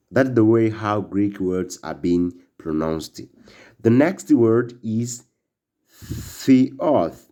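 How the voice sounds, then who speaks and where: Slow, low-voiced male language teacher. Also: animated, dark tone. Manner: slow, halting delivery with fillers, drilling words for repetition. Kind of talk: classroom-style language lesson.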